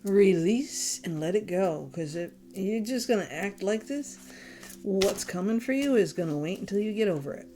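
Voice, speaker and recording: A woman's voice: mid-range voice, lively intonation, moderate pace, dark tone, a little hiss or hum. Blunt, exasperated woman reading tarot. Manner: blunt, exasperated, swears freely. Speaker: tarot reader. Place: home, candles lit.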